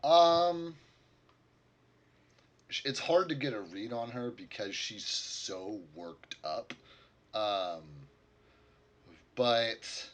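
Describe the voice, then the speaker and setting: A man's voice: mid-range voice, drawn-out words, long pauses. A man narrating as game master, rambling with many fillers.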